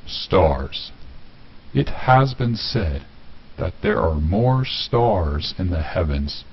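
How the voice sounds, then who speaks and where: A man narrating like a documentary in slow, deliberate, carefully accentuated words, his voice pitched down and given a delay effect. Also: big pitch swings, exaggerated voice. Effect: pitched down with multi-tap delay and bass boost. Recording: dull lo-fi voice over loud music.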